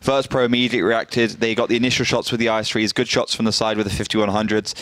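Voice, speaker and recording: A man's voice: fairly low pitch, level tone, fast, a bit bright, no echo. A man casting an esports match as an analyst, talking in a chatty way with plenty of fillers and restarts. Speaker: esports caster. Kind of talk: casual play-by-play analysis.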